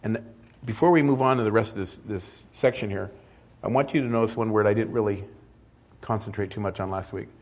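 An older male pastor delivers a relaxed, conversational sermon, with joking asides along the way. His voice sits on the low side and has a husky edge. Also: brisk.

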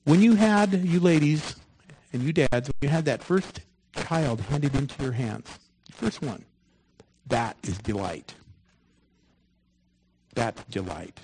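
A man preaching a sermon, moving from loud, emphatic lines to soft, hushed ones. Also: medium pitch, animated, slow, pauses often, a little hiss or hum, low-quality recording.

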